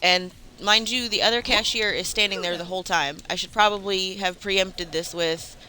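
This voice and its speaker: A woman's voice: medium pitch, fairly even intonation, moderate pace, bright, forceful tone, low-quality recording. A woman gaming streamer telling a story casually while she plays, with lots of fillers, breaking off now and then to react to the game. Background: game music.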